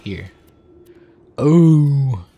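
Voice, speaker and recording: A man's voice: medium pitch, expressive, extremely slow, warm tone, dry recording, dull audio. A man hosting his own gaming channel, casually commenting on his play and grumbling back at the game's characters.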